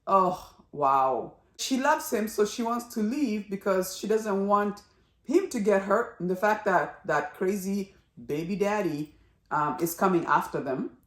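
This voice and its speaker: A woman giving a casual spoken review of a drama series, chatty and animated, acting out characters' lines as she goes. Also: mid-range voice, unhurried, reverberant.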